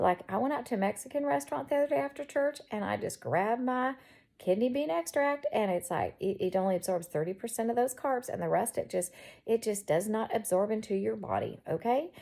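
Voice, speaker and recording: A woman's voice: on the high side, creaky, mellow. A woman with a Southern accent chatting in her bedroom, rambling and quirky as she talks to her viewers. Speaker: vlogger. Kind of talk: casual chat.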